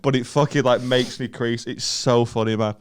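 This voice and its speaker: A man's voice: mid-range voice, steady tone, normal speed, smooth. A young northern English man co-hosting a podcast, telling stories in casual chat, laughing often and swearing freely. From northern England. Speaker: podcast co-host.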